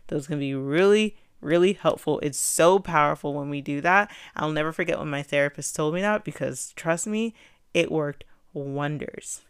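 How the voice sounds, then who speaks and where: Young female podcast host, earnest and encouraging, repeats key points, low and smooth. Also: dry recording, studio quality. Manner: earnest and conversational. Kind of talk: self-help talk.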